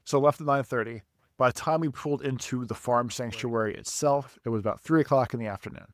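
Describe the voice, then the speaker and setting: A young man on a podcast telling a long story casually, animated and profane, laughing at himself. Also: mid-range voice, fast. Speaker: podcast co-host.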